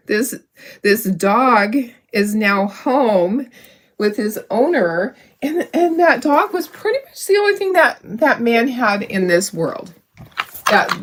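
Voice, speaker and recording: A middle-aged woman hosting a craft livestream, chatting emotionally with many restarts while she works on her sample. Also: fairly high pitch. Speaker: craft channel host.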